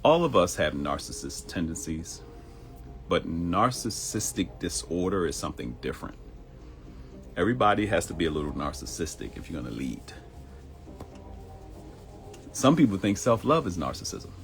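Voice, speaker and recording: A man's voice: low voice, sing-song, brisk, soft background music. A man hosting a live morning show, giving a conversational motivational talk that mixes preaching with comedy and acts out quoted voices. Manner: preachy and conversational, addresses listeners as y'all. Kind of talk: motivational live-stream monologue. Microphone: streaming live.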